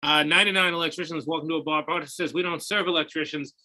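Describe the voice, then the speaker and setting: A man improv player telling pun jokes in a quick, offhand way. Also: a little high, fairly even intonation, sharp tone. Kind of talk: casual joke telling.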